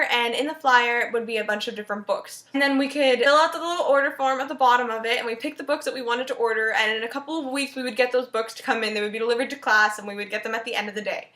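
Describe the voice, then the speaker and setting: A young woman tells a story to camera as a book vlogger, chatty and animated, full of "like" fillers. Her voice sits high and sounds bright. The room around her is roomy and echoing.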